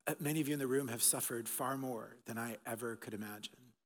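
A middle-aged man preaching an Easter sermon as pastor, swinging between loud emphatic bursts and soft, hushed passages. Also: medium pitch, quick pace. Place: church auditorium. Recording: long reverb of a large hall.

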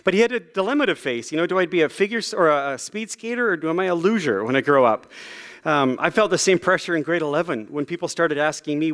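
A pastor preaching in a relaxed, conversational way, self-deprecating and full of fillers. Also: male voice, fairly high pitch, fast talker. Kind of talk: sermon.

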